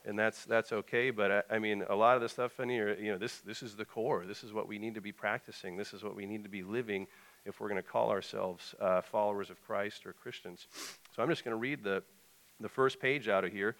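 A man's voice: fairly low pitch, steady tone, fairly quick, a bit bright. A young male pastor preaching a conversational sermon, reading a short passage and then telling anecdotes.

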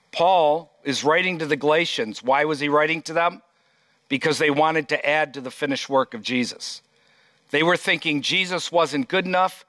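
Man, pastor, emphatic sermon, scripture reading, bright tone, dry close sound. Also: a little high, no room sound.

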